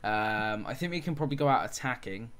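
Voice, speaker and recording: A man's voice: medium pitch, animated, fairly quick, fairly bright tone. A man giving casual let's-play commentary on a football management game, calling the action play by play and muttering frustrated asides. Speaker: gaming channel host.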